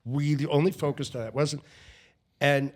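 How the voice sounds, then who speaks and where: A middle-aged man, a veteran comedian, giving blunt, animated advice in a casual podcast interview. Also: moderate pace. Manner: animated, blunt, swings pitch up for emphasis.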